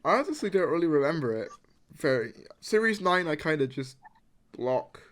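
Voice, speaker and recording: A man's voice: on the high side, animated, moderate pace, a bit bright, slight background noise. A man hosting a casual podcast chat, rambling with lots of fillers and laughs. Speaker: podcast host.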